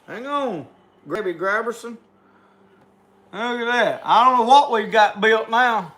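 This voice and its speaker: A man's voice: sits high, measured pace, a bit bright. A middle-aged man with a Southern US accent hosting a casual livestream in a folksy drawl, closing with a spoken prayer. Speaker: livestream host.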